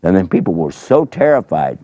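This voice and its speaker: A man with a deep, gravelly voice telling a children's story in a playful, folksy way. His pitch swings widely as he acts things out, and the sound is dry and close. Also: sing-song, a little fast, mellow, no echo.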